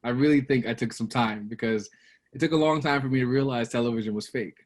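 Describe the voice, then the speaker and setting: A man's voice: medium pitch, fast talker. A man in his thirties from Brooklyn, a guest telling childhood stories in a casual interview and acting out the quotes. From Brooklyn, New York. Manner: animated storyteller, acts out quotes with a raised voice.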